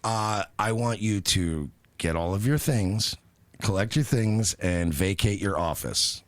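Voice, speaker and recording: A man co-hosting a podcast, chatting casually in a deadpan, rambling way. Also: on the low side, a little slow, no room sound. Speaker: podcast co-host. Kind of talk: casual chat.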